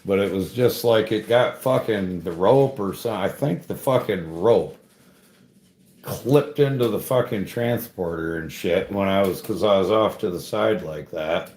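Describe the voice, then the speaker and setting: Slow, profane low-voiced man. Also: darkish tone. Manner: profane, rambling storytelling with frequent "bro" and "dude". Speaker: tree climber talking to a live chat. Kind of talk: casual chat. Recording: echoey room.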